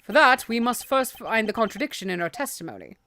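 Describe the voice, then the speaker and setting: A woman voicing a refined male prosecutor in a game, speaking in a measured, lowered and precise way. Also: expressive, bright, forceful tone, slight background noise. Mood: composed. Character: stiff, formal male prosecutor, cool and refined.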